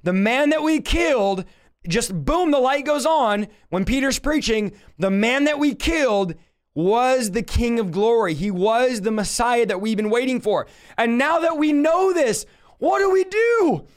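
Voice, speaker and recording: A man preaching a fervent Bible teaching, impassioned, with rhetorical questions and bursts of shouting. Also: very high voice, expressive, measured pace.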